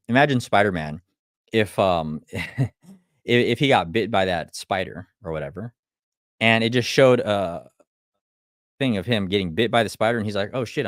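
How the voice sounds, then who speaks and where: A man with a fairly low voice speaks in a blunt, profane live motivational talk. He keeps hammering his listeners with rhetorical questions and trips over restarts when he gets going. The sound is dry and close, with no room echo. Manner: restarts and stumbles when fired up.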